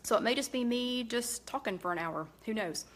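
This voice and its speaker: A middle-aged woman with a lilt talks casually to her live-stream viewers. She rambles, stops to correct herself, and fills pauses with "um" as she chats along. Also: on the high side, expressive. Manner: chatty, rambling, many fillers and self-corrections. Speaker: host of a live cooking chat.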